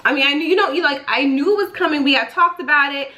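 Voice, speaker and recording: A young woman in her twenties telling a story to the camera in a casual vlog, chatty and animated. Her voice sits high and sounds bright and lively, and it comes across clearly. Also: fast talker. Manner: animated and chatty, lots of "like" fillers. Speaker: vlogger.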